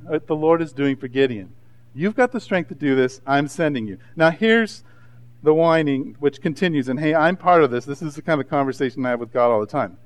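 A man in his thirties preaching a sermon, animated and conversational, acting out asides in different voices. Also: a little high. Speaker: pastor.

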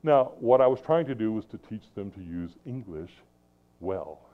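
A middle-aged man preaching a sermon, animated, swinging between loud emphasis and soft asides. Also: on the low side, normal speed. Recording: tinny phone-like sound.

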